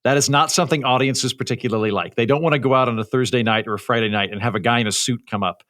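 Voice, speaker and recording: Comedian guest, man in his 30s, faint Oklahoma lilt, crisp announcer-like delivery, bright tone. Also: mid-range voice, racing. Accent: light Oklahoma American. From Oklahoma, USA. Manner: formal, authoritative radio-style diction, wry storytelling. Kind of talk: casual chat.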